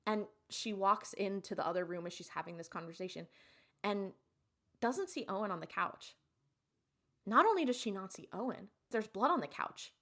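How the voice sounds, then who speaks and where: A woman's voice: mid-range voice, normal speed. A young woman co-hosting a podcast, casually retelling an episode scene by scene and acting out the characters' lines. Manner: animated retelling with acted-out quotes. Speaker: podcast co-host.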